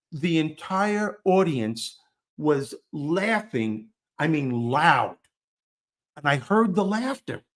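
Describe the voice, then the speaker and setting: A man telling a funny childhood story in a relaxed interview, self-deprecating and animated, acting out the lines he quotes. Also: fairly high pitch, takes it slowly. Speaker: guest storyteller. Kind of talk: conversational storytelling.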